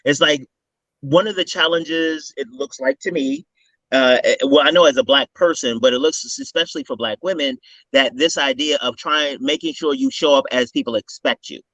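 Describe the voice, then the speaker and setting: A man hosting an interview, talking in an animated, rambling way as he thinks aloud. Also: mid-range voice, moderate pace, no room sound, dull audio. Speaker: host. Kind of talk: casual interview talk.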